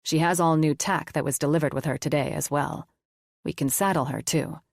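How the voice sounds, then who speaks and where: Woman voicing a calm, low-voiced doctor. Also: fairly quick, creaky, dry recording, clean studio sound. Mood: assured. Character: calm, gentle male doctor in his prime.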